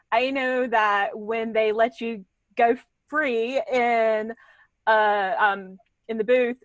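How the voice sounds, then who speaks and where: A woman's voice: fairly high pitch, fairly bright tone, no echo, dull audio. A woman interviewer asking a guest a long, chatty question. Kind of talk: press junket interview.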